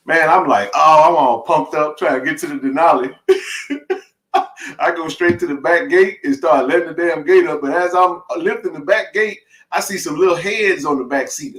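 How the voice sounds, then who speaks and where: A man's voice: a little high, moderate pace. Rambling man telling a story. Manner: animated, rambling storytelling with many restarts and laughs. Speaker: live-stream sports chat host. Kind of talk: casual storytelling on a live stream. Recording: roomy echo.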